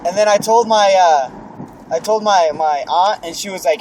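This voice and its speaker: Young man, high voice, casual spooky story, swearing, loud background noise outdoors. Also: moderate pace. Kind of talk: casual chat. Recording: noisy outdoor recording.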